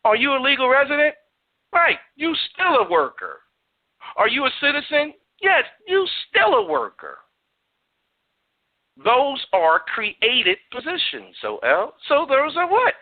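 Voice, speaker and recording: A man's voice: very high voice, huge pitch swings, unhurried, narrow, tinny audio. A man hosting a radio talk show, preaching and cursing in a stream of rhetorical questions.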